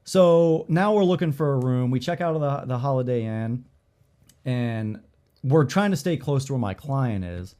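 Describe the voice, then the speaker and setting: A man co-hosting a podcast, telling a story in casual chat, animated, swearing freely and acting out the dialogue with lots of "like". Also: mid-range voice, normal speed. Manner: filler-heavy, lots of "like" and "I'm like".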